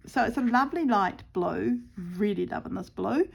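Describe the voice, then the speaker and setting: A woman casually talking viewers through her stitching, chatty and quick to laugh at her own mishaps. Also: mid-range voice, lively intonation, creaky, breathy edge. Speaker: craft vlogger.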